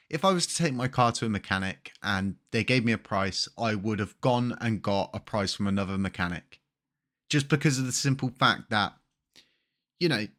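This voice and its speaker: A man with a croaky voice from a cold, hosting his channel and ranting casually with frustration and frequent restarts. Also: on the low side, a bit bright. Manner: frustrated, rambling, repeats words. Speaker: crypto channel host. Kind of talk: casual video commentary.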